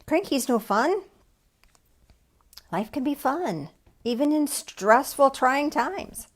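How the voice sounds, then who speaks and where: Here she speaks slowly, her high-sitting voice animated, while preaching conversationally at an online church service. She asks herself questions and answers them out loud, adding folksy, self-deprecating humor.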